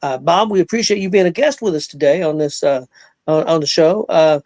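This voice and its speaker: A man hosts a casual talk show, fairly high-pitched, his speech halting and full of small fillers. The sound is dry and close, with no room around it. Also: a little mellow, no room sound. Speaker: podcast host. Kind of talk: casual chat.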